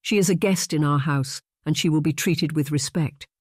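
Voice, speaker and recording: A man doing a stern, high-voiced aunt. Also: normal speed, breathy edge, dry recording, clean studio sound. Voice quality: firm, harsh-toned. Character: dignified older aunt, woman, firm and protective.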